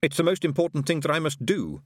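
A man voicing a determined young man who speaks earnestly and deliberately. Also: on the high side, sing-song, no echo, clean studio sound, pitched above the performer's own voice.

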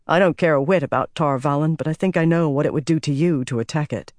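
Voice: medium pitch, quick pace, a little mellow, no room sound, natural voice. A narrator voicing a young prince who speaks in a stubborn, insistent and earnest way.

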